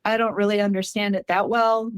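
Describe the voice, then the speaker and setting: A woman from Minnesota earnestly recounting a personal encounter in casual storytelling, animated and laughing often. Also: medium pitch, fairly quick, clean tone, dry recording. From Minnesota, USA.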